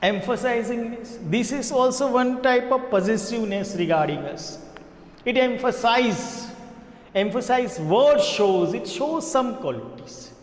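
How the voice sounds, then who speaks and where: A high-pitched man with an Indian English accent lectures on grammar in a classroom. He explains step by step with plenty of examples and repeats the key words. The room is echoey, with a long reverb trailing behind his voice. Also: animated, unhurried.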